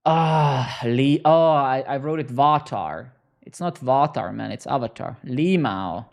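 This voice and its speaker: A young man with a gravelly, creaky voice talks slowly and unhurriedly. He streams himself coding and throws sarcastic, profane jabs at his chat between lines of work. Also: medium pitch, animated. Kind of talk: casual live-stream banter while coding.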